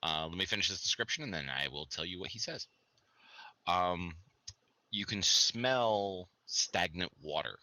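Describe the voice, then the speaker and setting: A man's voice: deep voice, animated, a little slow, bright, forceful tone, no room sound. A man narrating as game master in a loose, chatty way with fillers.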